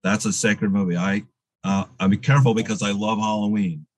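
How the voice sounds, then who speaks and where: A man's voice: lowish voice, little pitch movement, brisk, rough recording. A man guest in a casual interview, telling rambling stories full of fillers and restarts.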